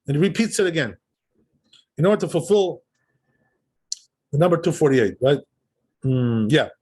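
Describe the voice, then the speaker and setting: A man's voice: on the high side, expressive, moderate pace, a little mellow, breathy edge. A man teaching a text class as a rabbi. He reads passages aloud and explains them in an easygoing way, often checking in with the listeners. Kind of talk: text study lesson, reading and translating.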